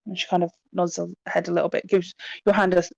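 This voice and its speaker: A woman running a tabletop horror game as game master, narrating in a relaxed way full of fillers. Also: lowish voice, quick pace, vocal fry, no echo, muffled recording.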